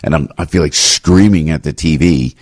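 A man's voice: rumbling low, normal speed, slightly rough, no room sound, clean studio sound. A man hosting a radio talk show, delivering a fired-up political commentary monologue and repeating his phrases as he rants.

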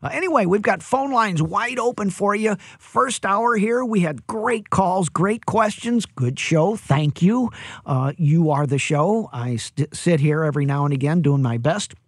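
A man with a high voice hosts a live radio call-in show on home repair, speaking unhurriedly into a studio mic with no echo. He's upbeat, chatty and jokey, using "you know" a lot.

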